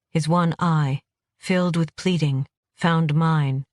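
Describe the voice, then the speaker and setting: Audiobook narrator for a first-person thriller, mid-pitched voice, steady reading, very dry close sound. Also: takes it slowly, no echo.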